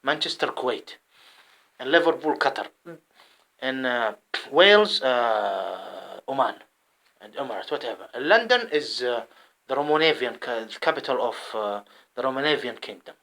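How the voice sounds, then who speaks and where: A man from the Arab world, based in England, delivering a rambling, impassioned monologue to camera. He often repeats himself and swings between loud outbursts and muttering. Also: medium pitch, expressive, normal speed, creaky, poor audio. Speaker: vlogger. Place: at home in England.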